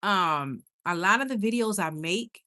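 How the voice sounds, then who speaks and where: A woman's voice: mid-range voice, unhurried. Chatty woman laughing on a late-night livestream. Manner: chatty and animated, laughs often, stumbles and restarts. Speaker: YouTuber hosting a livestream. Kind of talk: casual livestream chat reading viewer comments.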